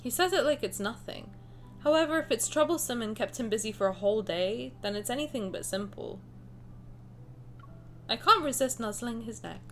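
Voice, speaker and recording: A young woman streaming a game who reads the story aloud and gushes between lines. Her voice sits fairly high and swings widely, and she giggles often. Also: moderate pace. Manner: giggly, animated, gushing. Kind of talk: reading game text aloud and chatting.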